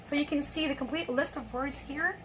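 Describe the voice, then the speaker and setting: A young woman teaching English pronunciation in a high, bright voice. She explains each rule and then reads example words and sentences with careful stress. A faint hiss sits under the recording. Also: brisk, rough recording. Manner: explains with repeated filler phrases like "by the way". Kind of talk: YouTube pronunciation lesson.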